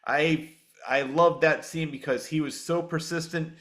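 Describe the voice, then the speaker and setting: A man's voice: a little high, fairly even intonation, a little slow, a bit bright. A man hosting a podcast in casual chat, enthusiastically plugging channels and telling stories. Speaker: podcast host.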